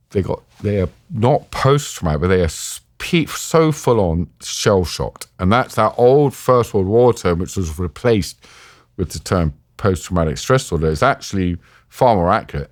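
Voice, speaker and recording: A middle-aged British man tells a war story in a lively, self-deprecating way. His voice sits on the low side, and he acts out the lines he quotes. It is recorded close and dry on a podcast mic. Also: no echo. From Britain. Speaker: interview guest, war journalist. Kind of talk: animated anecdotal storytelling.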